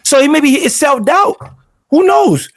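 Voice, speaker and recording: A man co-hosting a casual sports debate, talking in an animated, rambling way with frequent restarts. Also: very high-pitched, a little slow. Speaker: sports talk host.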